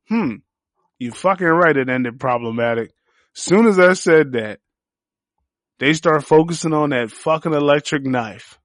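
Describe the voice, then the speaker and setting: A man hosting a podcast, giving a casual solo review of a TV series, telling it as an animated, profane story. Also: mid-range voice, unhurried, no room sound, studio quality. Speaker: podcast host.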